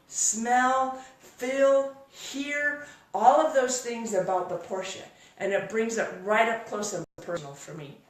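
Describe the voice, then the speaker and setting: A woman giving a workshop talk to a live audience, telling a story in a lively, exclamatory way. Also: a little high. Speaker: workshop speaker. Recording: echoey room, voice from far off.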